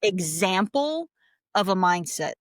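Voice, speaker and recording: A woman in her forties co-hosting a casual podcast, telling personal stories in an expressive, animated way as a coach. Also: lowish voice, slow pace, no room sound, clean studio sound. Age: 40s.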